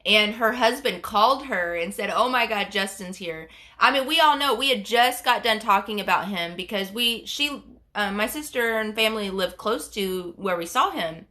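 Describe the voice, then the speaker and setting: Reading comments on her casual livestream despite a head cold, a woman rambles and tells stories with lots of filler words. She has a medium pitch, a sharp tone, and lively intonation, moving at a moderate pace.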